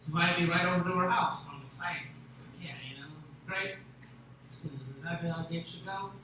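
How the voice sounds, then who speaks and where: A man's voice: fairly high pitch, fairly quick. A young man telling a long, crude, rambling story as a stand-up comedian. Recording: echoey room with faint noise.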